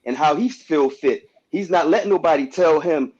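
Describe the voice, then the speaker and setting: On a dull, lo-fi recording, a man with a fairly high-pitched, darkish voice talks at a moderate pace during a casual panel. He repeatedly checks "you know what I mean" and starts his phrases over.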